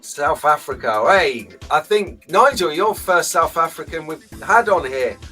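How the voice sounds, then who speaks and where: A man's voice: on the high side, lively intonation, a little slow, bright, forceful tone, slightly rough, soft background music. A man hosting a casual live stream from a small home room, chatty and jokey, greeting viewers by name. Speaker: host.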